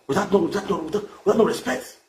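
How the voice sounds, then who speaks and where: A man's voice: sits high, quick pace, darkish tone, slight background noise. A man with a Nigerian accent ranting to camera in a boastful, crude, mocking way, repeating his phrases. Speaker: vlogger.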